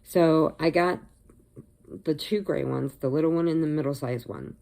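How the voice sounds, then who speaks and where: Speaking at a normal pace, this low-voiced woman has a warm tone and some vocal fry. She's an older Illinois crochet vlogger who rambles casually and laughs a lot.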